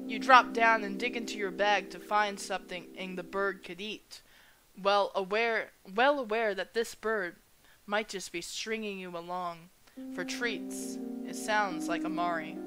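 A woman gamer reads a visual novel's narration aloud at an unhurried pace, her voice sitting in a middle range. She breaks in with startled exclamations, and game music plays clearly underneath. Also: mid-range voice, fairly even intonation. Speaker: let's play gamer.

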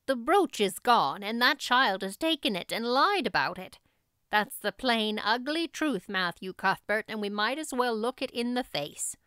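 A woman's voice: on the high side, expressive, unhurried, pushed and bright, clean tone, dry recording, clean studio sound. A woman voicing a stern, grim older spinster who speaks firmly and severely. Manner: firm, clipped, severe.

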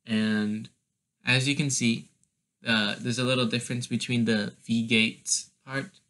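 A man's voice: mid-range voice, little pitch movement, unhurried, pushed and bright. A man teaching a casual language lesson, explaining step by step with a hesitant delivery and many fillers.

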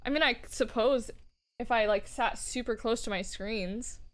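A tired woman streaming a game and chatting casually with a friend, playful and teasing with quick laughs. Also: on the high side, a bit bright. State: tired, low energy. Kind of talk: casual gaming chat.

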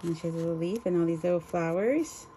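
A woman's voice: lowish voice, quick pace, mellow, slight background noise, rough recording. A woman chatting casually as she unboxes craft swap items on her vlog, gushing and exclaiming over each one. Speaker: crafting vlogger.

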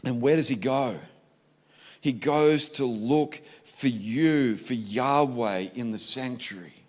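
An Australian man preaching in church, his voice pitched a little high for a man. He moves between fervent, rising declarations and quiet confessional asides, speaking as a pastor to his congregation. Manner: passionate, swings between intense preaching and hushed confession. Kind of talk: sermon.

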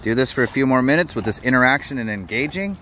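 A man's voice: medium pitch, lively intonation, fast, bright, forceful tone, slight background noise. A man working as a dog trainer, talking outdoors while he plays with a dog, praising it and explaining its behavior as he goes. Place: outdoors at a park.

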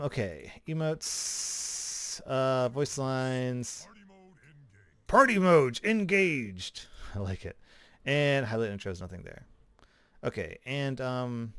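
A man's voice: medium pitch, dry recording. Laid-back man, dry close mic. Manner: relaxed, chatty, with fillers and small laughs. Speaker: gaming YouTuber. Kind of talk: casual commentary over gameplay.

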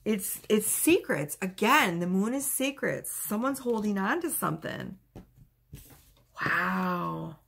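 A woman with a gravelly edge to her voice reads tarot cards for her viewers. She talks casually and excitedly, exclaiming and swearing freely as she goes. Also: mid-range voice, takes it slowly. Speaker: tarot reader. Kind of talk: casual tarot reading vlog.

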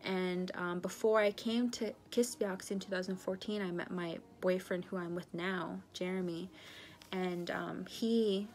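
A woman of about 30 from northern British Columbia, Canada, giving an earnest personal testimony, halting and full of pauses and fillers. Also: fairly low pitch, fairly even intonation, darkish tone. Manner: earnest, confessional storytelling.

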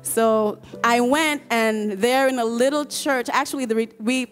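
A woman choir member giving an earnest, emotional personal testimony at a church service. She talks haltingly, restarting and repeating words and often breaking into laughter. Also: on the high side, faint music behind.

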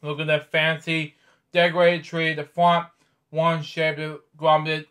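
Halting, higher-voiced man reading aloud. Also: flat delivery, a bit bright. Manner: halting reading with stumbles and offhand commentary. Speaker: host. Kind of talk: reading a picture book aloud with casual asides.

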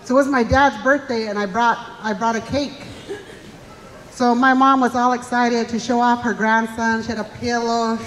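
A woman's voice: a little high, flat delivery, moderate pace. A middle-aged woman comedian telling chatty, self-mocking stories on stage and acting out the voices of the people in them. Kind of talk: live stand-up comedy. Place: stage at a community fundraiser show. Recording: live hall reverb.

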